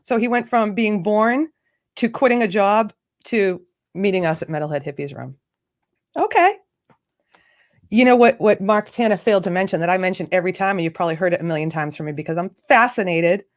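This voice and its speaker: Chatty woman hosting a livestream, bubbly and talking right to the viewers, mid pitch. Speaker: livestream host. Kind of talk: casual livestream chat.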